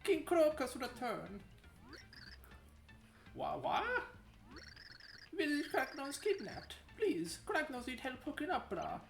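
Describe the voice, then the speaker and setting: A woman's voice: sits high, big pitch swings, slow, creaky, pauses often, voice pushed up, full character voice. A woman voicing a dim-witted male rock-creature chief who talks in broken grammar and surfer slang, with a made-up Italian-country accent. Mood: pleading. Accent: made-up accent, Italian with a country twang. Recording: echoey room with game music.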